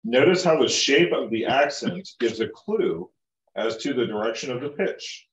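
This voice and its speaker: A man's voice: medium pitch, animated, moderate pace. Distant male student reading aloud. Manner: reads steadily, asks short questions. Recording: roomy, distant and muffled.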